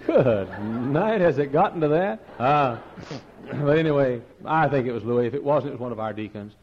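A man preaching a sermon to a large church, folksy and swinging from loud, high exclamations to quiet, low asides. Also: expressive, moderate pace, a little hiss or hum. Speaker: pastor. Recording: dull lo-fi sermon recording.

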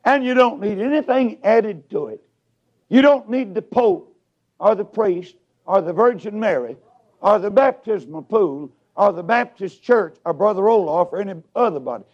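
A male preacher giving a revival sermon, swinging from shouted peaks down to low mutters as he tells stories. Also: animated, moderate pace. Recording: dull lo-fi sound.

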